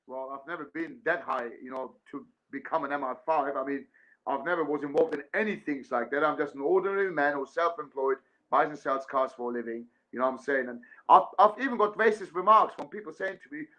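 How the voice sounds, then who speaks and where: A man's voice: on the high side, fairly quick, pushed and bright. A man telling a long, rambling story in casual conversation, acting out both sides of phone calls. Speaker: guest. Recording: dull lo-fi sound.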